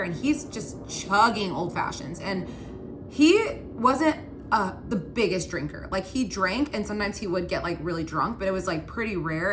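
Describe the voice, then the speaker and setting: A young woman with a medium-pitched, slightly bright voice tells a personal story casually and chattily, with a little hiss or hum in the background. She fills her talk with "like" and acts out quoted dialogue.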